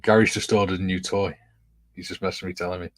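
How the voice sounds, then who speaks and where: A man co-hosting a casual chat, relaxed and thinking aloud, with a dry sense of humour. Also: sits low, quick pace, dry recording.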